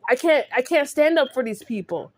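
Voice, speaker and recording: A woman's voice: high voice, lively intonation, normal speed. A woman in an angry, confrontational rant to the camera, repeatedly asking "right?". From California. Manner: confrontational, repetitive, peppered with "right?". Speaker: vlogger.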